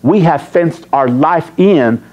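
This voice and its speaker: A man's voice: a little high, expressive, slow, a little mellow. A man preaching a sermon as pastor, teasing and quizzing his congregation. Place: church sanctuary.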